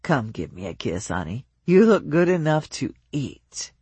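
A domineering drunk husband slurs low, drawn-out demands, put on by the narrator. He pushes his words out slowly and expects to be obeyed. The audiobook voice is husky and dry. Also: very animated, a little mellow, dry recording, full character voice. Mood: drunk wheedling. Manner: slow and demanding. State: drunk, slurred speech.

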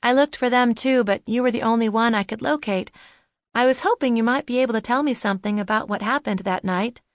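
A woman's voice: on the high side, fairly quick, no room sound, clean studio sound, close to an everyday voice. A woman voicing a determined young woman who keeps pressing with insistent questions.

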